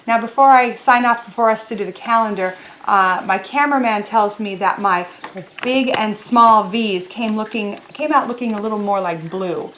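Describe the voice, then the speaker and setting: A woman teaching a children's lesson, talking slowly and clearly in a sing-song teacher voice to young kids. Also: mid-range voice, fairly bright tone, a little hiss or hum. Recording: roomy echo.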